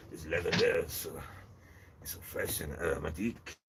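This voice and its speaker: A man's voice: very deep voice, fairly even intonation, moderate pace, recorded from a distance, heavy background noise. A man voicing a pompous male French fly who adores lavender, with a mock French accent. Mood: swooning. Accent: fake French.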